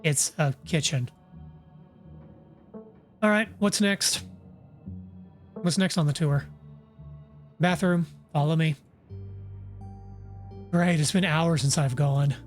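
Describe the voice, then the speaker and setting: A man with a high voice streams a story game and reads its narration aloud. He talks with a playful, wry humor, and faint music plays behind him. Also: slow pace, long pauses. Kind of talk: casual game commentary and reading aloud.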